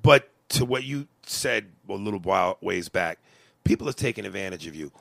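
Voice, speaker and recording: Gravelly, bright-voiced man venting. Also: sits low, expressive, moderate pace, no room sound. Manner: impassioned, profane venting. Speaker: comedian and podcast host. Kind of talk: heated podcast conversation.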